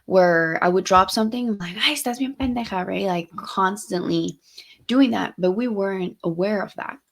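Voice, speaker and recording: A woman's voice: medium pitch, normal speed, creaky. A young adult woman co-hosting a podcast, telling stories candidly in casual chat, dropping Spanish phrases and swearing freely. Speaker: podcast co-host.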